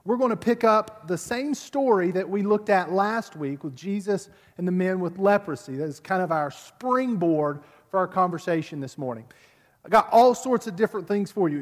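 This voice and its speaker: Man, pastor, sermon, high voice, conversational, repeats words, long hall reverb. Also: lively intonation, moderate pace. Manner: conversational, repeats words while building a point. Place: church service.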